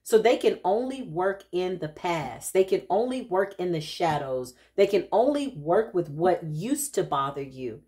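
A woman with a fairly low voice gives a relaxed tarot reading straight to her audience. She talks in a loose, chatty way and keeps tagging her points with quick questions to the listener. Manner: chatty, addresses viewers directly with frequent tag questions. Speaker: intuitive spiritual reader. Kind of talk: casual tarot reading to camera.

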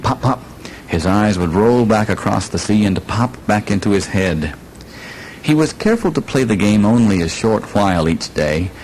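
A man reading a children's story aloud, slow and lilting, inviting listeners to join in on the repeated parts. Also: sits low, a little mellow, a little hiss or hum, rough recording.

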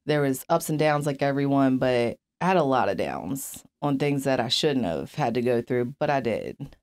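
A young woman, interviewed as a guest, tells her life story candidly in an extremely low-pitched, darkish voice that is expressive and moderately paced. She speaks bluntly, swearing often and using many fillers.

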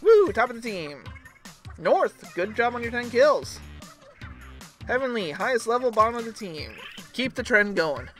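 A woman's voice: on the high side, sing-song, unhurried, pauses often. A woman giving casual running commentary while playing an online game, reacting aloud as she plays. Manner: chatty, reacts aloud to the match. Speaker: gaming streamer. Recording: game music behind the voice. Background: game music.

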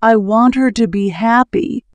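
A woman reading the lines of a poor, loving husband in a storybook tale, gentle in her own plain voice. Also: a little high, a little slow, no room sound, natural voice. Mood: tender.

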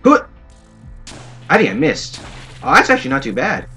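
Young man, gaming commentary, sarcastic and jokey, lively pitch, faint game music behind. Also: moderate pace. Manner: playful, sarcastic, jokey asides. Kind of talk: let's play commentary.

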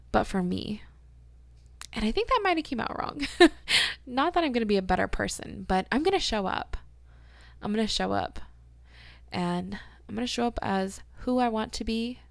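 A woman's voice: medium pitch, vocal fry, no echo. A woman hosting an emotional self-help chat, gushing and close to tears, swearing casually as she leads affirmations. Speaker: podcast host.

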